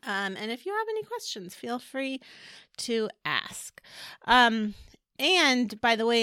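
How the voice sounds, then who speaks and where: A woman's voice: fairly high pitch, pushed and bright, dry recording, clean studio sound. A middle-aged woman co-hosting a podcast in casual chat, chatty and playful, laughing often. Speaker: podcast co-host and energy reader.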